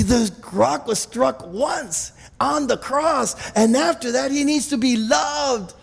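High, gravelly male preacher. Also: big-room sound. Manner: animated, restarts often, exclaims hallelujah and amen. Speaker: pastor. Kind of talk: sermon.

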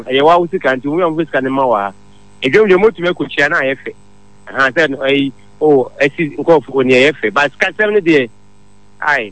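A man's voice: on the high side, a bit bright, dry recording, low-quality recording. A man calling in to a radio show and telling a long, rambling story. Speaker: caller. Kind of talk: phone-in chat.

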